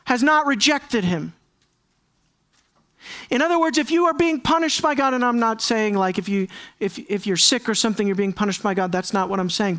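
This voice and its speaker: A man delivers a sermon in an earnest preaching manner. He repeats key phrases for emphasis and moves between soft, low asides and raised, pressing lines. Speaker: pastor.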